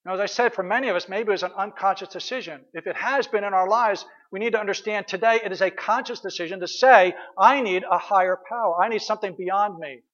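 A man's voice: high voice, fast, few pauses, fairly bright tone, in a large hall, lo-fi sound. A man pastor giving an earnest, conversational sermon with emphatic repeated phrases.

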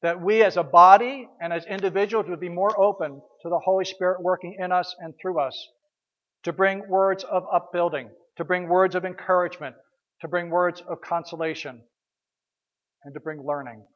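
High-voiced pastor preaching casually. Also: male voice, fairly even intonation, normal speed, lo-fi sound. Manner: conversational storytelling, repeats words, rhetorical questions. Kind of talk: sermon.

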